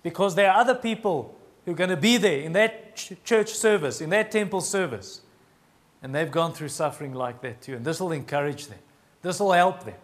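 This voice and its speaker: High-voiced pastor preaching. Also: male voice, lively intonation. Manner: earnest and emphatic, slows down on key phrases. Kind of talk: sermon.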